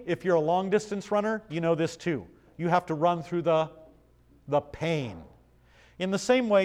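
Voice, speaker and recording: A man's voice: high-pitched, darkish tone. A man preaching a Bible study sermon, reading passages aloud and asking his listeners questions in a conversational way. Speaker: pastor.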